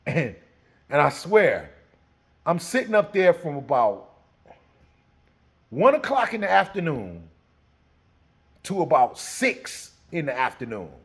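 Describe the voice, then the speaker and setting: A man's voice: on the high side, wildly swooping pitch, slow pace, pauses often, a bit bright, breathy edge. A man casually telling a rambling story from his youth. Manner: rambling, laughs through the telling.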